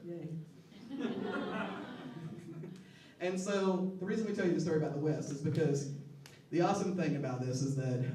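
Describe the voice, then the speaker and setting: A man in his thirties telling a personal story on stage in a relaxed, joking way, often laughing. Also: on the high side. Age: 30s. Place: stage at a live storytelling show. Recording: echoey hall, distant mic, faint noise.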